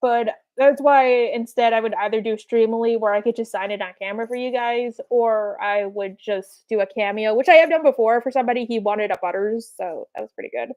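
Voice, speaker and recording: A woman's voice: fairly high pitch, darkish tone, highs cut off. A young woman chatting casually with fans in a live Q&A, rambling with lots of fillers. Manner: rambling, filler-heavy, quick quoted asides. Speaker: streamer answering fan questions.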